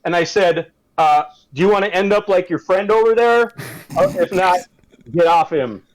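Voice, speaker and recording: A young man from Wisconsin telling a story about a street fight to friends, in a measured, deliberate way. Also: high voice, poor audio. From Madison, Wisconsin. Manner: measured, deliberate build-up with hesitations. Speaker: tabletop game player. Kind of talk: casual storytelling among friends.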